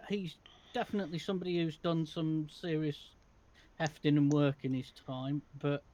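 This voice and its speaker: A man narrating as game master of a tabletop game, describing scenes haltingly with many pauses and fillers. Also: fairly high pitch, no room sound.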